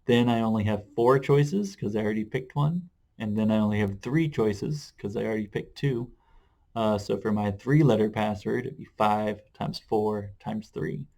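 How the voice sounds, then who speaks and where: A man explaining math in a video lesson, relaxed, with frequent "uh" fillers. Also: fairly low pitch, moderate pace, vocal fry. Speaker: math teacher.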